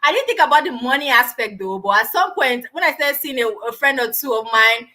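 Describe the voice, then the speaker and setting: A middle-aged woman hosting a casual live stream, talking loudly and with lots of energy, on a built-in mic with no lapel mic. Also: sits high, brisk. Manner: loud, animated, says she is always shouting.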